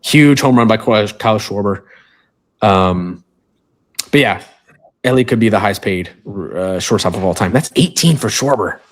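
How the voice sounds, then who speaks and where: A man's voice: on the low side, lively intonation, unhurried. A man co-hosting a sports podcast in casual chat, easygoing, running through stats with side remarks. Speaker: podcast co-host.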